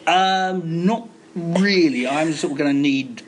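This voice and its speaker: A man's voice: on the high side, slow pace, a little hiss or hum. A man in an amateur panto cast, answering interview questions with self-deprecating jokes. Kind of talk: casual interview chat.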